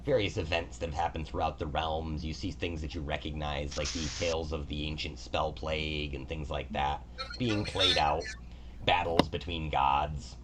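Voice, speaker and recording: A man's voice: very deep voice, fairly even intonation, moderate pace, noisy background. A man narrating as game master of a tabletop game in a casual, descriptive way.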